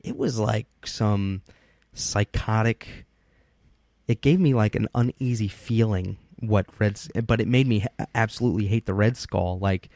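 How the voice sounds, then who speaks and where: Low-voiced man rambling about comics. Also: a little slow, creaky, a little mellow, dry recording. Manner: rambling, filler-heavy, laughs easily. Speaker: podcast co-host. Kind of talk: casual comic book review chat.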